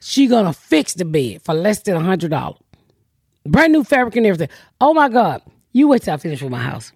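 A brash woman hosting a comedy podcast, telling profane everyday stories and acting out what people said to her. Her voice is husky and swoops up and down with energy. The sound is dry and close to the mic. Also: fairly low pitch, sing-song, fairly quick, darkish tone, dry recording. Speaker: podcast host. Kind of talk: casual comedic chat.

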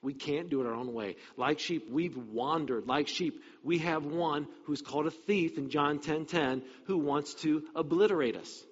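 Animated preacher in a reverberant hall. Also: male voice, on the high side, moderate pace, few pauses, breathy edge. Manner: animated, rhetorical questions, shifts from emphatic to hushed. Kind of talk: sermon. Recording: muffled sound with long reverb.

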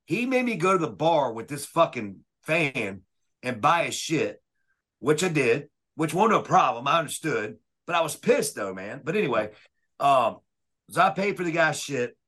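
A man telling wrestling stories in a casual, profane and animated way. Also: on the high side, normal speed. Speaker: wrestling referee guest. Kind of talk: casual storytelling.

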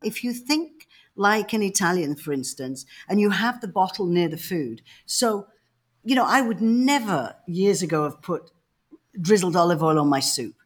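A woman from the north of England, co-hosting a podcast and telling stories in a lively, emphatic, casual way. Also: lowish voice, moderate pace, husky. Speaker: podcast co-host. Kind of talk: casual chat.

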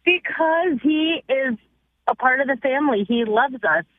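A woman's voice: high-pitched, animated, measured pace, dry recording. A woman calling into a radio show, earnest and a little nervous, heard over the phone. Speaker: caller. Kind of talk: phone-in call. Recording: tinny phone line.

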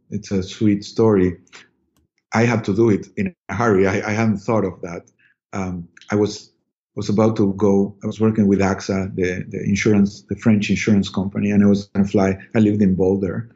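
A middle-aged man, a podcast guest, telling a personal story in casual talk, halting and repeating words with many ums. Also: lowish voice, flat delivery, dark tone, dull audio.

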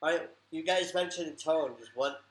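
Relaxed man hosting a chat. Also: on the high side, unhurried. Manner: relaxed, leads the talk with short questions. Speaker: host. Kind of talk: casual group chat about learning Chinese. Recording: echoey room.

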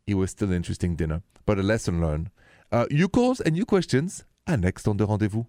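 A man's voice: on the low side, sing-song, fast, dark tone, no echo, studio quality. A man, hosting a late-night radio call-in show and confiding about his own dating life. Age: 50s. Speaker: radio host.

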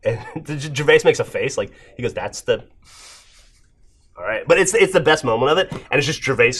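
Fast-talking man retelling a story. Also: mid-range voice, lively intonation, fairly bright tone, husky. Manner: retelling anecdotes, laughing. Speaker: podcast co-host. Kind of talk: casual chat, storytelling.

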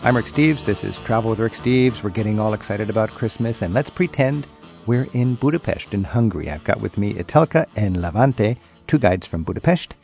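Fast, gravelly male radio host. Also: lowish voice, expressive, a little mellow, soft background music. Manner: chatty, curious, quick follow-up questions. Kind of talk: radio interview.

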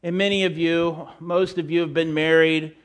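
A man's voice: a little high, level tone, moderate pace. A middle-aged man preaching a sermon in church as pastor, telling folksy, rambling stories with many fillers and restarts.

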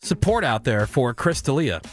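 A man's voice: mid-range voice, big pitch swings, moderate pace. A man hosting a radio morning show, blunt and joking in laid-back banter with his co-hosts. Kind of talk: casual on-air banter.

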